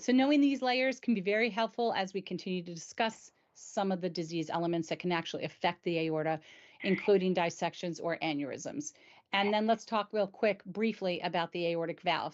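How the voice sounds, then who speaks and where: A woman hosting a casual explainer chat, enthusiastic and chatty, sometimes tripping over medical terms. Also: lowish voice. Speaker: host. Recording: dull lo-fi sound.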